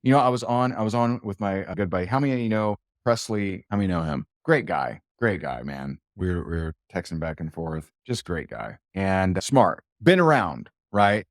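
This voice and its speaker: A man delivers a motivational talk to an audience as a business coach, leaning hard on rhetorical questions and repeated lines. His voice sits on the low side and sounds dry and close, with almost no room around it. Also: lively intonation, moderate pace, hardly any pauses, no room sound. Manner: emphatic, fires rhetorical questions, repeats phrases. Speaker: sales and business coach, show host.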